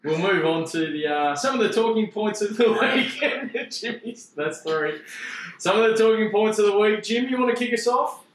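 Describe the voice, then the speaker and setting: A man's voice: high-pitched, expressive, moderate pace. A man with an Australian accent, hosting a sports club podcast in a laid-back, ribbing way. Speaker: podcast host. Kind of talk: casual banter. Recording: echoey room with faint background noise.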